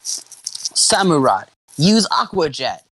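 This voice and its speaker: An eager young male Pokémon trainer, as a man reading a fanfic puts him on, calling out commands loudly in a raised, drawn-out voice. He sounds keen and bold. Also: fairly high pitch, very animated, voice pushed up, full character voice, poor audio. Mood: commanding.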